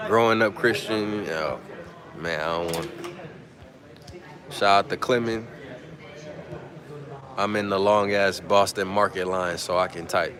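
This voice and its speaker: A low-voiced man hosts a loose, slangy livestream on his phone and reads out viewers' shout-outs. Chatter from a busy room hums behind him. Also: fairly even intonation, slow pace, pauses often. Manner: laid-back slang, reads out viewer comments. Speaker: livestream host. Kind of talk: casual live chat with viewers. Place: press conference media room.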